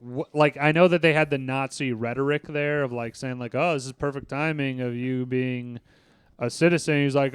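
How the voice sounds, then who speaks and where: A man's voice: mid-range voice, fairly even intonation, moderate pace, clear, resonant tone, no echo. A man hosting a casual movie review podcast, talking loosely and swearing now and then. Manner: loose, swearing, laid-back. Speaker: podcast host.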